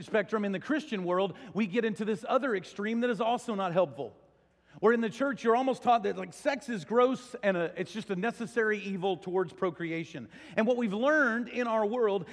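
A male pastor preaching a sermon in a large church auditorium, talking conversationally and building into animated storytelling. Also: high-pitched. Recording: long hall reverb.

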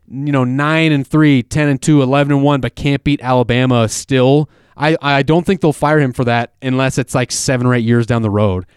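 A man hosting a casual sports talk podcast, rambling and animated, often restarting his sentences. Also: on the high side, clear, resonant tone, no room sound, clean studio sound. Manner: rambling, self-interrupting, animated. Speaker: podcast host.

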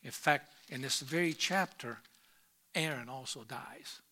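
A man preaching a sermon who reads scripture aloud and swings between quiet asides and loud emphatic rises. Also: medium pitch, a little slow. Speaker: pastor.

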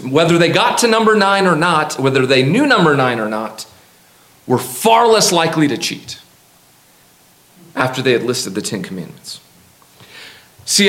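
A man preaching a sermon as a pastor, lively and humorous, with emphatic repetition. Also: a little high. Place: church sanctuary. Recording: echoey church hall.

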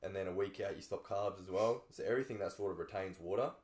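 A young man with a very deep voice explains things in a relaxed, plain way, dropping in casual swearing. His voice echoes in the room. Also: fast. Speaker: podcast co-host. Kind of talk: casual chat.

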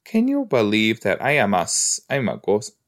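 A man's voice: fairly low pitch, wildly swooping pitch, moderate pace. A man voicing a mock-dramatic female ghost lady, playful and theatrical. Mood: mock-spooky.

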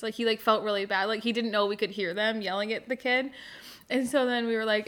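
Young woman, podcast host, casual storytelling, somewhat high voice, laughs often, lots of "like". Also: fairly even intonation, brisk, a bit bright. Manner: laughing storyteller, heavy "like" fillers. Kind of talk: casual chat.

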